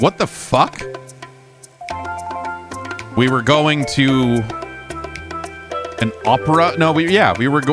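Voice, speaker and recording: A middle-aged man hosting a podcast, telling a rambling story in a casual, profane way with animated swings in voice. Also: medium pitch. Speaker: host.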